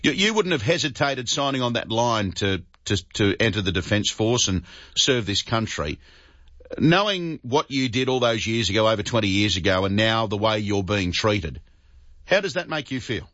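An Australian man hosts talk radio with a lowish, steady voice. He is earnest and tends to stumble over and repeat his words. The sound is dry and a little dull. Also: moderate pace, no room sound. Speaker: talkback radio host. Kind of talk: talk radio chat with callers.

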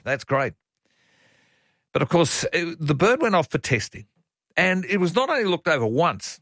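Australian man, radio host, joking banter, mid-pitched voice, dry studio mic. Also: dry recording. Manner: jokey, teasing banter. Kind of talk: casual radio chat.

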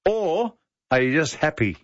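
A man with an Australian accent co-hosting talkback radio, chatty and easily excited. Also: on the high side, measured pace, no echo. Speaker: radio co-host. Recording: dry, slightly dull broadcast audio.

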